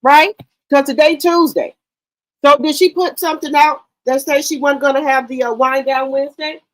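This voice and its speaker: A woman hosts a casual livestream and talks straight to her chat. Her voice sits a little high, and she is brash and loose-mouthed, swearing as she goes. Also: fairly even intonation, fairly quick, poor audio. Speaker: livestream commentary host.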